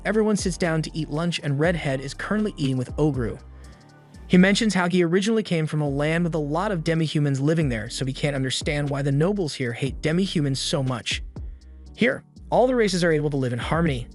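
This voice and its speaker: A man giving a scripted, matter-of-fact narration of an anime plot. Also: fairly high pitch. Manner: steady, matter-of-fact storytelling. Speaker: recap narrator.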